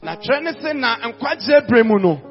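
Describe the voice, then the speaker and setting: A man interpreting a sermon line by line, forceful and echoing each phrase of the preacher. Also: very high voice, very animated, moderate pace. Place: large church hall. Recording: echoey hall, dull sound, faint music.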